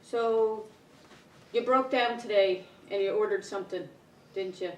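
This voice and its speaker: A woman's voice: mid-range voice, steady tone, unhurried. A woman at a dinner table asking dry, needling questions. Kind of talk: casual dinner conversation. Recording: echoey room, distant mic.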